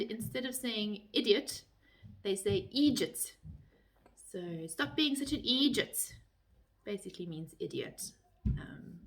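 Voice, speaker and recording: A middle-aged woman with a South African accent talks casually to her camera. Her voice is bright and forward. She keeps things light-hearted and jumps her pitch up when she mimics a phrase. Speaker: vlogger.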